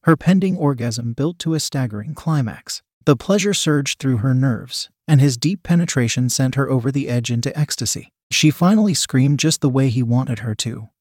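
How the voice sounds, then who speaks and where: A man's voice: mid-range voice, lively intonation, normal speed, few pauses, darkish tone, dry recording, clean studio sound. Man reading an erotic story. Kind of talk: scripted erotic story narration.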